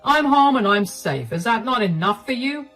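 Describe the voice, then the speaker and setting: A callous middle-aged husband who brushes off his wife with cold condescension, voiced by a woman telling the story. He sounds plain and unhurried rather than theatrical. A soft bed of music runs quietly beneath him. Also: a little high, animated, rough recording. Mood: dismissive. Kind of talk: storytelling voice acting.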